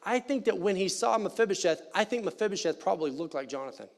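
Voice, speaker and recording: A man preaching a sermon in a church, animated and conversational with playful asides. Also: sits high, fast, creaky. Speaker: pastor. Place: church sanctuary.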